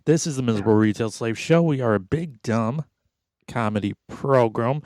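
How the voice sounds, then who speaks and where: A man's voice: mid-range voice, normal speed, darkish tone, dry recording. A middle-aged man hosting a casual comedy podcast, teasing and sarcastic. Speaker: podcast host. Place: home podcast booth.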